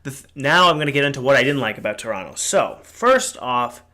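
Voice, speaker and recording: A man's voice: medium pitch, expressive, brisk, pushed and bright. A young man hosting a casual solo podcast, telling a rambling story with lots of fillers and swearing. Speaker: podcast host. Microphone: podcast mic.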